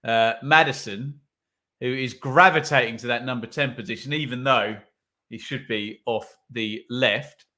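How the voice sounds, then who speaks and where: A man's voice: mid-range voice, a little slow, pushed and bright. A man hosting a live football watch-along, commenting on play and reading viewer comments with wry asides.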